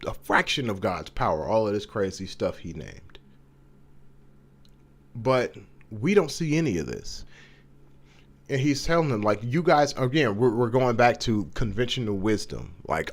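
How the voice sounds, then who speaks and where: Man hosting a Bible study, reads aloud then explains it, eager and chatty, lively voice. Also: medium pitch. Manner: enthusiastic, conversational, stops to explain. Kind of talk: reading scripture with casual commentary.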